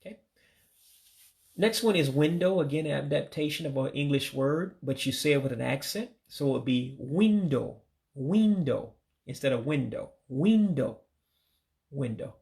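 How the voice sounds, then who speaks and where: A man from the United States teaching household vocabulary in a casual lesson, patiently repeating each word slowly and closing with religious blessings. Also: mid-range voice, creaky, a little mellow. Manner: religious sign-offs. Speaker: language learner teaching vocabulary.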